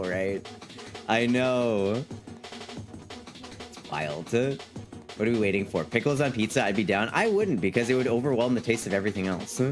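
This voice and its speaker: Lively rambling man streaming casually. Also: medium pitch. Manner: rambling and playful, repeats phrases, reads chat aloud. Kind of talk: casual live-stream chat.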